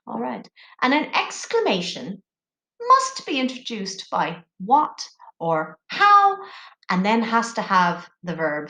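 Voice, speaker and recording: A woman teacher talking to young schoolchildren in an animated, sing-song classroom voice. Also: medium pitch, slow, echoey room.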